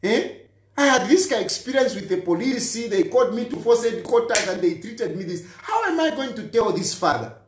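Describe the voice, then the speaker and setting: Speaking at normal speed with a very high, animated voice, this Zambian politician is recorded with reverb. He directs an impassioned, accusing monologue at his listener and keeps repeating points for force.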